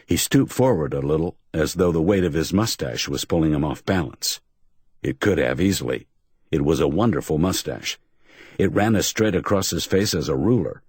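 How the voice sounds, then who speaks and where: A man narrating a hardboiled crime audiobook in a measured storytelling manner. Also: extremely low pitch, darkish tone, husky, no echo, clean studio sound. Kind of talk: scripted narration.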